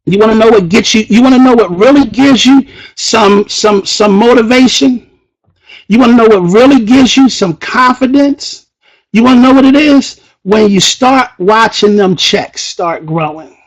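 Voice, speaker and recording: High-voiced, fiery motivational speaker man. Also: normal speed, low-quality recording. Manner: preacher-like, repetitive rhetorical questions, bursts of shouting. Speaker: motivational speaker at a sales event. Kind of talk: fiery motivational speech to an audience.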